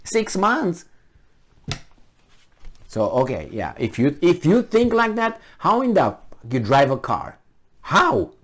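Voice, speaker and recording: A man giving opinionated solo commentary in a vlog, sarcastic and incredulous, firing off rhetorical questions. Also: high-pitched. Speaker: vlogger.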